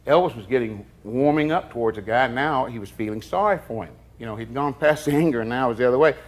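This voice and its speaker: An older man telling stories in a documentary interview, folksy and unhurried, often slipping into quoted dialogue. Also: medium pitch. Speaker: interviewee recalling past events.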